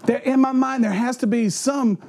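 High-voiced man preaching with stories. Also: moderate pace, vocal fry. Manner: animated, acts out voices and sounds; laughs often while telling stories. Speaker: pastor. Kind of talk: sermon with humorous storytelling.

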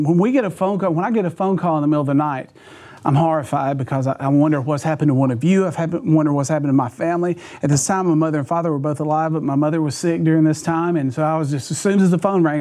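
High-voiced preacher man. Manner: animated, chuckling, restarts phrases. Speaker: pastor. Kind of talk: sermon with personal storytelling.

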